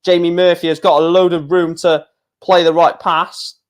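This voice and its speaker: A man hosting a live football watch-along, calling the play with fillers and erupting into shouts at big chances and goals. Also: on the high side, flat delivery, moderate pace. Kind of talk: live football match commentary and reaction.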